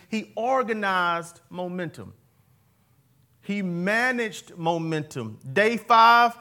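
High-voiced man preaching a call-and-response sermon. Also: bright, forceful tone. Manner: conversational, jokey preaching. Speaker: pastor. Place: church before a live congregation.

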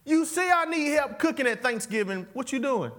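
A man preaching puts on a loud, exasperated voice of a grown man scolding helpers who sit idle. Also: very high voice, animated, normal speed, pitched above the performer's own voice. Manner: loud, nagging, incredulous.

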